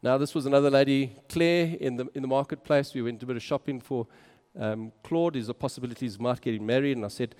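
A man's voice: medium pitch, fast talker, hardly any pauses, a little mellow. A man, a minister, narrating travel photos in a casual, enthusiastic and exclaiming way. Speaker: minister on a mission trip. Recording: long hall reverb.

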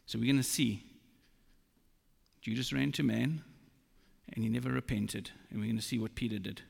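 A man preaches a sermon in a slow, emphatic way, with a gravelly edge to his voice. His words ring out with the long reverb of a large hall. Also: mid-range voice, fairly even intonation.

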